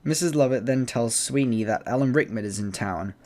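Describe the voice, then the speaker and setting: A man's voice: mid-range voice, brisk, a little mellow. A man casually recapping a horror film for his channel, with jokey, self-deprecating asides. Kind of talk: casual comedic movie recap.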